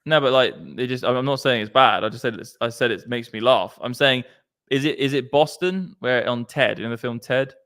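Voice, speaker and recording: A man's voice: medium pitch, fairly quick, a bit bright, clean tone. A man hosting a casual crypto livestream, chatty and slangy, swearing freely. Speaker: crypto stream host.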